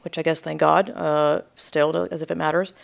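A young woman podcast host telling a story in a rambling, animated way, full of asides and quoted reactions, with a sore throat. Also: low voice, normal speed, creaky. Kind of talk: casual storytelling.

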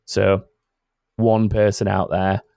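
Male podcast host, low gravelly voice, dry close mic, loose chatty delivery with frequent self-corrections. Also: level tone, slow pace, darkish tone, dry recording. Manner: rambling, self-correcting, laughs often. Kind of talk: casual chat.

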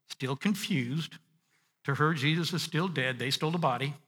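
A male pastor preaching a sermon, reading and unpacking scripture, dropping to a hush and then rising to emphatic points. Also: on the high side, moderate pace, long reverb tail. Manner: expressive, swinging from hushed to emphatic.

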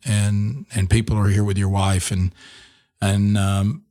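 A middle-aged man with a fairly low voice tells a personal testimony on a podcast. He speaks earnestly and often restarts his sentences as he goes. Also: level tone, a little slow, mellow. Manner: earnest storytelling with many restarts. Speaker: radio host and speaker.

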